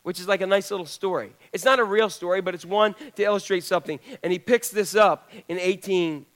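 A man delivers a sermon from the pulpit with a fairly high voice. He talks to his congregation in a conversational, informal way and keeps asking them questions as he preaches. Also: brisk, a bit bright. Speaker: pastor.

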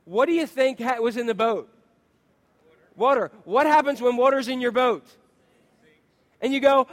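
A man preaching a sermon, telling stories with lively acted-out quotes and asking his listeners questions. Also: very high-pitched, brisk. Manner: animated storytelling, acts out quotes, asks the congregation questions. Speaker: pastor.

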